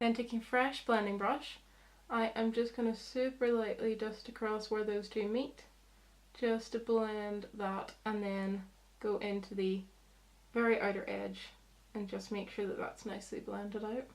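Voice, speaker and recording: A woman's voice: medium pitch, level tone, a little slow. A young woman, chatting through a makeup tutorial as a beauty vlogger, explaining each step.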